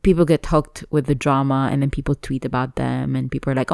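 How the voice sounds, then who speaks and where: A woman's voice: rumbling low, steady tone, fairly quick, creaky, a little mellow, dry recording, clean studio sound. A woman co-hosting a casual chat, chatty and teasing, laughing often.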